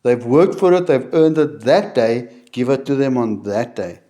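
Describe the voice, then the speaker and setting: A man reading a Bible chapter aloud verse by verse, slowing on key words and stopping to explain it in plain terms. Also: mid-range voice, mellow. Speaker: Bible teacher. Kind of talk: reading scripture aloud with commentary.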